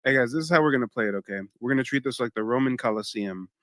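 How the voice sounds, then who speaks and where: A young man hosting a live-stream reaction, talking straight to his chat in an animated way and exclaiming often. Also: mid-range voice, rapid-fire, loud music behind the voice.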